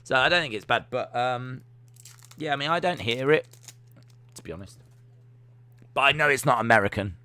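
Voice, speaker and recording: Young guy streaming, bright punchy voice, dry close sound, chatty and jokey with the chat. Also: medium pitch, lively intonation, normal speed, pauses often, smooth, no echo. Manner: chatty and self-mocking, reads chat aloud with jokey asides. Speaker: livestream host. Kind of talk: casual watch-along commentary.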